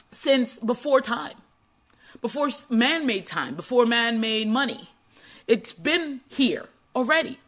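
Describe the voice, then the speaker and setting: Bright-voiced woman giving a motivational talk. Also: on the high side. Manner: animated, acts out quoted voices. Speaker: motivational speaker. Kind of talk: motivational monologue.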